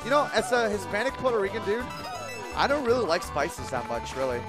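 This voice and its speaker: High-voiced profane streamer man. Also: fairly quick. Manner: animated, profane storytelling. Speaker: video game streamer. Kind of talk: casual chat while streaming gameplay. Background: game music.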